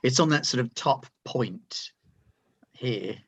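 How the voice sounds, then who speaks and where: A man's voice: mid-range voice, animated, takes it slowly, breathy edge. A man narrating as game master, describing scenes patiently and reassuring his players.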